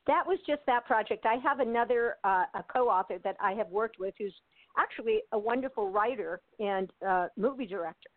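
A woman's voice: mid-range voice, normal speed, dry recording. An older woman from the United States, chatting as an interview guest over a tinny phone line. She talks in easy, winding sentences full of fillers and laughter. The sound is dry and close. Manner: chatty, laughs often, many fillers and restarts. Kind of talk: casual interview chat.

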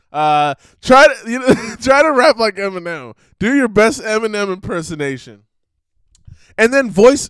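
A man's voice: high-pitched, fairly bright tone, smooth, dry recording. A man hosting a show, giving rambling casual commentary and laughing between thoughts. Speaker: podcast host.

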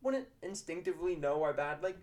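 A man teacher co-hosting a podcast in casual chat, telling lively classroom stories and acting out scenes. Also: a little high, a little fast. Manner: animated storyteller who acts out classroom scenes.

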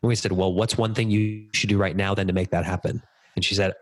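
A man in his thirties, a business speaker appearing on a podcast, tells stories energetically in conversation, acting out quoted dialogue. He has a low voice and a quick pace.

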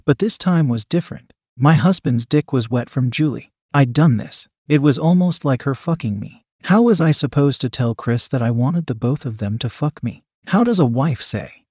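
A man reading a first-person story aloud as a steady narrator. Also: medium pitch, moderate pace, few pauses, slightly rough, dry recording, clean studio sound. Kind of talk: scripted narration.

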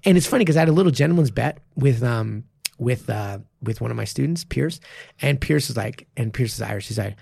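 A man's voice: medium pitch, creaky, husky, dry recording, clean studio sound. A man who coaches martial arts and co-hosts a podcast, talking casually and with animation, swearing freely. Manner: animated, swears freely, quick bursts of enthusiasm. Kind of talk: casual chat.

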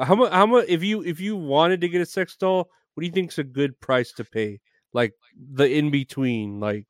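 A man's voice: medium pitch, smooth, no echo, studio quality. A man hosting an interview, rambling casually with crude jokes and frequent giggles. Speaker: interview host.

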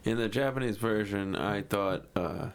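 A man's voice: fairly low pitch, normal speed, vocal fry, smooth. A man co-hosting a podcast in casual chat, laughing often and tossing in short jokes. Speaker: podcast co-host.

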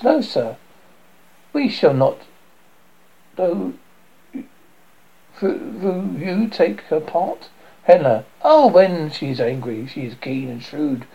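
Gravelly, husky male play reader, lo-fi recording. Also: fairly high pitch, mellow. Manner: calls out each character's name before the line. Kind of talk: reading a play aloud.

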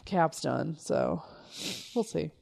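A man with a notably high-pitched voice chatting casually on a podcast. He is wry and quick to laugh, and swears freely. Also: wildly swooping pitch, vocal fry, a little mellow. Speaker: podcast co-host. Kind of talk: casual chat.

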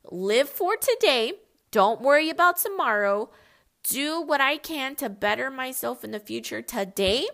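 A woman's voice: on the high side, a bit bright. A young woman hosting a podcast, giving a casual motivational talk in a blunt, emphatic way and swearing freely. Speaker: podcast host.

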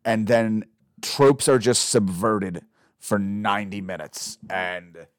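A man's voice: fairly low pitch, takes it slowly, clean tone, dry recording. A young man co-hosting a podcast, chatting casually and animatedly about movies, swearing freely. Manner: animated, swearing, jumps into mock voices. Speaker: podcast co-host.

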